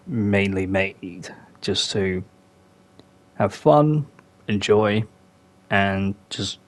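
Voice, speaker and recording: A young man talks loosely and slowly on a podcast, in a fairly low voice. He rambles and fills his speech with lots of fillers as he goes. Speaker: podcast host. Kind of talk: casual podcast chat.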